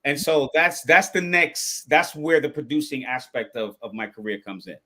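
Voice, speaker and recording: A man's voice: mid-range voice, normal speed. A man, an actor and guest, telling stories in a casual chat and acting out the quotes. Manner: animated storyteller, acts out quotes.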